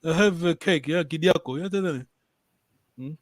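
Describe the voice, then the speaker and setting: A man's voice: fairly high pitch, normal speed, no echo. A man teaching a language lesson over a video call, patiently repeating and checking that his students follow.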